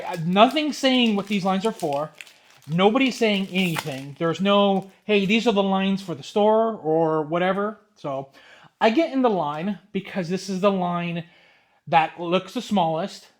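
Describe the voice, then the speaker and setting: A young man telling a rambling, exasperated story in a casual vlog, with excited asides as he opens cards. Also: sits high. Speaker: card collector vlogger.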